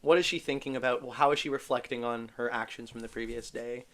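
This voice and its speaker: A man's voice: mid-range voice, steady tone, fast talker, fairly bright tone. A man as game master, narrating a tabletop game with dramatic storytelling.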